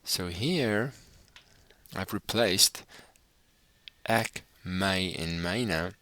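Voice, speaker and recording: A man teaching a recorded language lesson, speaking slowly and carefully and repeating phrases so listeners can practice. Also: low-pitched, sharp tone, a little hiss or hum.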